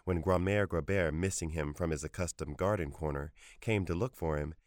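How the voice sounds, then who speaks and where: Deep-voiced male audiobook narrator. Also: moderate pace, no room sound, studio quality. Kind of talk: audiobook reading of a short story.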